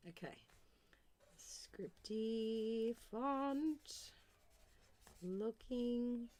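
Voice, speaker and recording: A woman's voice: medium pitch, a little mellow. An Australian woman in her thirties chatting casually and rambling while she crafts, murmuring to herself as she writes. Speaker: art streamer.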